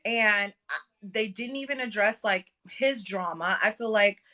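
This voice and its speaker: A woman's voice: medium pitch, a little slow, sharp tone. A woman co-hosting a casual reality TV recap chat, gossipy and emphatic with lots of fillers.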